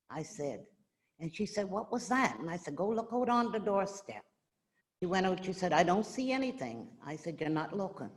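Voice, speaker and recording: A woman's voice: low voice, darkish tone, big-room sound. An older woman telling a heartfelt, rambling personal story in a casual way. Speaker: gift recipient sharing a story. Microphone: video call audio.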